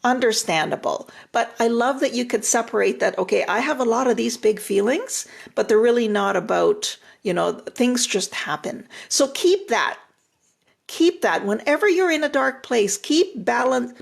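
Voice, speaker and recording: An older woman with a deeply gravelly, husky voice gives relationship advice on a live stream. She talks directly and reassuringly, often repeating a phrase for emphasis. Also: expressive, normal speed, few pauses. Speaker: retired relationship therapist giving advice.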